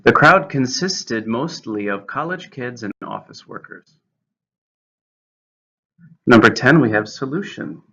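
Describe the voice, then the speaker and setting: A man's mid-range voice, pushed and bright, leads an English vocabulary lesson on a muffled lo-fi recording. He reads definitions and examples, methodically breaking down syllables and stress and supplying example sentences.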